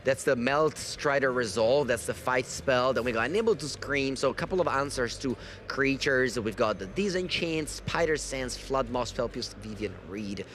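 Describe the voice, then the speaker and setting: A man giving lively, analytical live commentary on a card game match, correcting himself as he goes. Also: medium pitch, normal speed. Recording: faint background noise.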